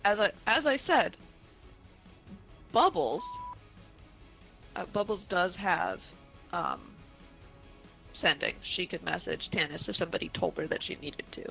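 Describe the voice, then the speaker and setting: A woman's voice: lowish voice, animated, unhurried, gravelly, long pauses, pushed and bright, soft background music. A woman running a tabletop game as game master, often muttering to herself while tracking turns.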